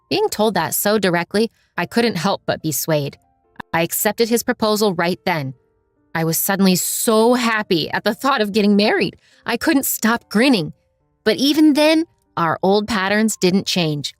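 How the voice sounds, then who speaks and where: A woman's voice: medium pitch, animated, moderate pace, dry recording, clean studio sound. Woman narrating over faint music. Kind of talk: scripted narration.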